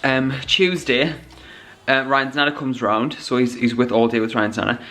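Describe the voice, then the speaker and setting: A man's voice: medium pitch, steady tone, moderate pace, pushed and bright. A young man, chatting casually to the camera in a rambling vlog. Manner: chatty, rambling, laughs often. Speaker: vlogger.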